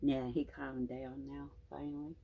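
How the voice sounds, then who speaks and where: Husky low-voiced woman cooing at a snake. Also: level tone, measured pace, highs cut off. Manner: coos and baby-talks to the snake. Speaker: snake keeper. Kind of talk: casual affectionate talk to a pet snake.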